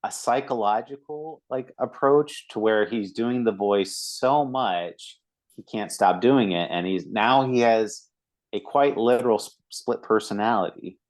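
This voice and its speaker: Man, lowish voice, casual rambling podcast chat, lots of "like". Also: measured pace, poor audio. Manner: rambling, many fillers, acts out quoted lines. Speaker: podcast co-host. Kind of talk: casual movie review chat.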